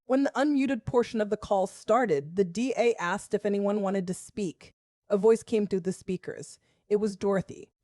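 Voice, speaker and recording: A woman in her forties from the Southern US, a school principal telling her own story in measured, wry, confessional first-person narration. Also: medium pitch, dark tone, no echo.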